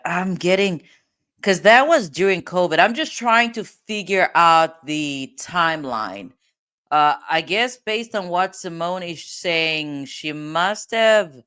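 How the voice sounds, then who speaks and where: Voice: mid-range voice, bright, forceful tone, smooth. A host giving casual commentary, thinking aloud and laughing often.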